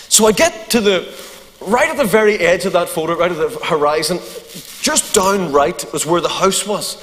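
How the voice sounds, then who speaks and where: Northern Irish male pastor, high-pitched, humorous storyteller, hall reverb. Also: a little fast. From Northern Ireland. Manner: animated, humorous anecdote with asides to the crowd. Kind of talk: sermon storytelling.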